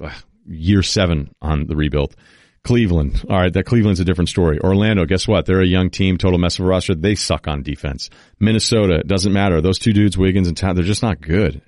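A man hosting a podcast, giving an opinionated, rapid-fire rundown of basketball teams in casual sports talk. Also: sits low, a little mellow, no room sound, studio quality. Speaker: podcast host.

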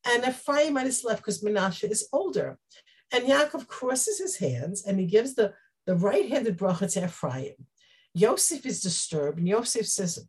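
Animated, husky-voiced woman teaching a Bible class. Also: mid-range voice, measured pace. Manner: animated, acts out quoted speech; explanatory, with Hebrew terms.

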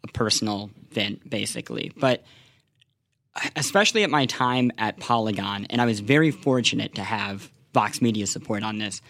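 A man's voice: fairly low pitch, normal speed, creaky, a bit bright, no room sound, clean studio sound. A man and games journalist talking earnestly in a casual podcast discussion, speaking in long runs with frequent restarts and repeated words.

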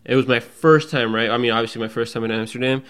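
A young man with a mid-pitched, everyday voice tells a story in a relaxed, slang-heavy way. He talks loosely among friends, in a plain casual chat. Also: quick pace. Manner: laid-back slangy storyteller, acts out his own panic in a high voice.

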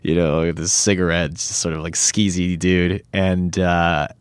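An actor chatting as an interview guest, rambling and animated, often acting out quotes. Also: male voice, low-pitched, unhurried, clear, resonant tone, no room sound. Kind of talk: casual interview chat.

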